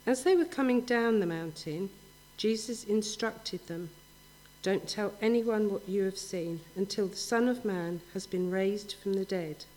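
A woman's voice: medium pitch, dark tone, low-quality recording. Woman reading scripture aloud. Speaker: scripture reader. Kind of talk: Bible reading.

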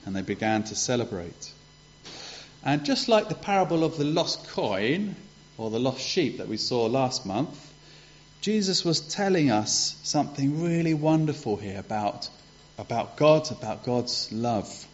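A man's voice: mid-range voice, very animated, unhurried. A man retelling a parable in a conversational way for a congregation, asking rhetorical questions, on a dull lo-fi recording. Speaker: preacher giving a children's talk.

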